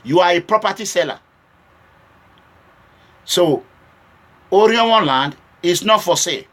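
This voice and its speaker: A man's voice: sits high, expressive, unhurried, fairly bright tone. A Nigerian man from Edo State speaking straight to his viewers in an impassioned political address that moves between warnings and pleading. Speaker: political vlogger. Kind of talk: direct-to-camera political address.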